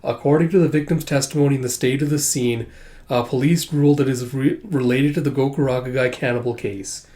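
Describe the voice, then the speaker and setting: A man's voice: medium pitch, fairly even intonation, a little fast, dark tone. A man casually reading and summarizing a comic chapter aloud, loose and conversational, with many fillers. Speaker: comic reader. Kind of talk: casual comic read-through.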